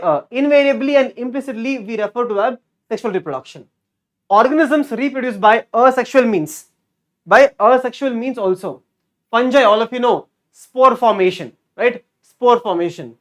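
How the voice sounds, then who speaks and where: A male teacher giving a lively online exam-prep lecture. He repeats key words and keeps quizzing his students. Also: extremely high pitch. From India.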